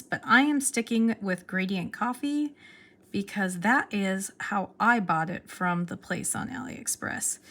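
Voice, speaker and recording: A young woman chatting excitedly in a casual show-and-tell vlog, restarting her sentences as she goes. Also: mid-range voice. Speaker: pen vlogger.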